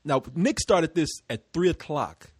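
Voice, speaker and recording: A young man from Texas tells a rambling, profanity-laced story on a casual podcast, often breaking into laughter. His voice sits high and has a husky, grainy edge. The sound is dry and close, with no room around it. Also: sing-song, a little slow, a little mellow, no room sound. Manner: rambling, profane anecdote-telling with frequent laughter. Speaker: podcast co-host. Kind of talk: casual chat.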